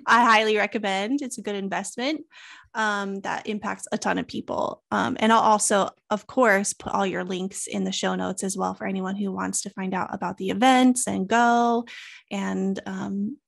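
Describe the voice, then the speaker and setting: A woman's voice: mid-range voice, steady tone, normal speed, gravelly, fairly bright tone. A woman hosting an interview podcast, chatting casually and encouraging her guest. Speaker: podcast host.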